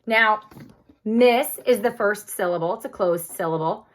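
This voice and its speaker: A woman teacher giving a recorded spelling lesson to young children, speaking slowly and clearly in an encouraging way. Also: medium pitch.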